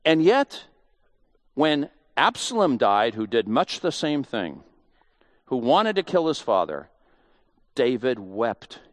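A man's voice: mid-range voice, big pitch swings, slow pace, pauses often, no room sound. A man giving a conversational Bible teaching, emphatic and full of rhetorical questions.

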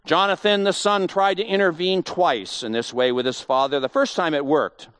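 A man's voice: a little high, moderate pace, fairly bright tone, clear, resonant tone, no room sound, clean studio sound. A man giving a conversational Bible teaching, emphatic and full of rhetorical questions.

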